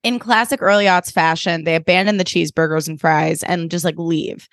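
A woman's voice: lowish voice, fairly even intonation, dry recording. Young woman podcast host, chatty, acts out scenes, dry close sound. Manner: chatty, acts out scenes in quick quoted voices. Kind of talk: casual chat recapping a show.

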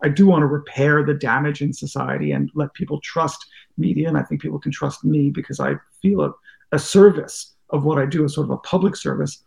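A man's voice: on the high side, fairly even intonation, brisk, gravelly, a little mellow. A man, a journalist and podcast guest, telling rambling, self-deprecating stories in casual interview talk and acting out what people said. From United States. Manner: rambling anecdotes, curious, self-deprecating, acts out quotes.

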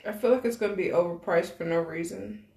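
A woman's voice: lowish voice, fast talker, creaky, mellow, a little hiss or hum. Giggly young woman in a roomy space. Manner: giggly, gushing, chatty. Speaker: podcast co-host. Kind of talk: casual chat. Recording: roomy echo.

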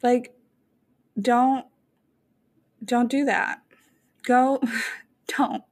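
A woman co-hosting a podcast in casual chat, animated and joking, with frequent swearing. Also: a little high, drawn-out words. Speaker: podcast co-host.

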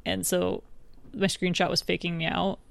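Gravelly-voiced woman teasing her co-host. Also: on the low side, flat delivery, moderate pace. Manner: teasing, chatty, laughs often. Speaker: podcast co-host. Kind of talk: casual chat.

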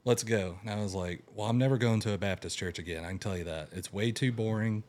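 Animated young man telling his story. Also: on the low side, fast. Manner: animated, acts out quotes in raised voice. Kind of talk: casual storytelling.

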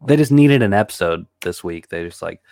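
A man's voice: low voice, expressive, a little fast, vocal fry, darkish tone, no echo, studio quality. A laid-back man co-hosting a podcast in casual chat, agreeing and chuckling along. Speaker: podcast co-host.

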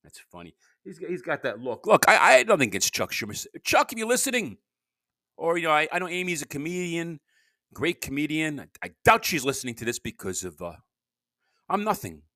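A man hosting his own amateur podcast, rambling in a self-deprecating solo monologue that swings between loud bursts and low mutters. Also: very animated, a little fast, dry recording, studio quality. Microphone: home podcast mic.

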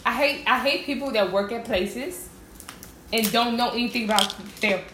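A woman's voice: fairly high pitch, normal speed. A woman in casual conversation, talking emphatically and often repeating her words for stress. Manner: animated, emphatic, repeats herself. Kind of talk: casual chat about zodiac signs. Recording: echoey room with clear background noise.

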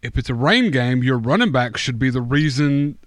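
A man's voice: mid-range voice, animated, moderate pace, dry recording. A man co-hosting a casual sports podcast, rambling in an exasperated, profane way. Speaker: podcast co-host. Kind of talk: casual fantasy football chat.

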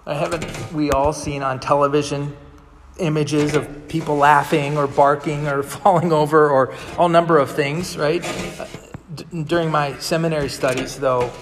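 A man's voice: on the high side, fairly even intonation, moderate pace, in a large hall, a little hiss or hum. A male pastor delivering a sermon in a conversational storytelling manner, acting out the people he quotes. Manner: conversational storytelling, vividly acts out quoted dialogue.

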